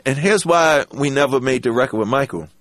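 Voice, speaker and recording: A man guesting on a podcast, telling an anecdote in an animated, profane way and acting out the quotes. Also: medium pitch, a little fast, no echo. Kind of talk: storytelling anecdote.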